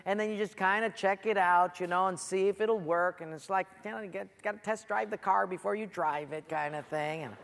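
Theatrical preacher in a reverberant hall. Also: mid-range voice. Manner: animated and theatrical, with sound effects and asides. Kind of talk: sermon with dramatized Bible story. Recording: long reverb of a large hall.

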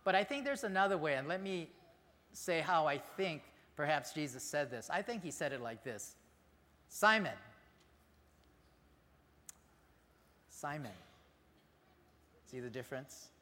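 Bright-voiced preacher in a reverberant church. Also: male voice, a little high, brisk. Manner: conversational, animated. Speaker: pastor. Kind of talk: sermon.

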